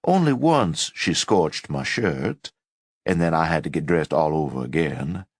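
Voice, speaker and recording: A man's voice: very deep voice, animated, breathy edge, no echo, clean studio sound, full character voice. Man voicing a stern, pompous Southern chief resident. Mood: smug. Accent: soft Southern US. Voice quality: slow, clipped, condescending drawl.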